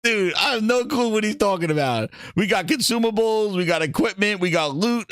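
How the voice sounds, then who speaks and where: Excitable, animated male gaming host. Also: high voice, a little fast, hardly any pauses. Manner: excitable, mocking, laughs and swears. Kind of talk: reacting to clips, rant.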